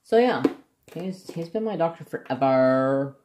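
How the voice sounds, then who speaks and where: A man's voice: mid-range voice, unhurried, darkish tone, slight background noise. A man chatting casually and jokingly as he swatches markers for his craft vlog. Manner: chatty, joking, self-deprecating. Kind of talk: casual chat.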